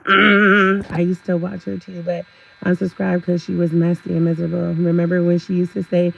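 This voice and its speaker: A woman's voice: fairly low pitch, monotone, normal speed, vocal fry, lo-fi sound. A woman vlogger giving sassy, ranting commentary, laughing often and talking straight to her viewers.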